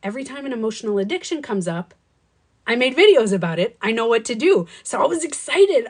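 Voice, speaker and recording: A middle-aged woman coach talks to her live-stream viewers in an unscripted monologue. Her voice swings widely in pitch as she acts out quotes, swears freely and laughs between thoughts. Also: brisk. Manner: animated storytelling with swearing and laughs. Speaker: life coach and author.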